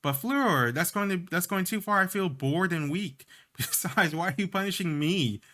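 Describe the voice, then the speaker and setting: A man voicing a hyperactive young fairy child in a video game, high and whiny. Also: expressive, normal speed, bright, forceful tone.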